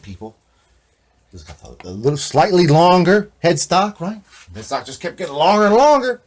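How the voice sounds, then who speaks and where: A man vlogging about guitars in a rambling, excitable, conspiratorial way, tossing in filler phrases constantly. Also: on the high side, a little hiss or hum. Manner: excitable, conspiratorial, constantly says "man" and "you know what I mean". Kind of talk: rambling casual show-and-tell.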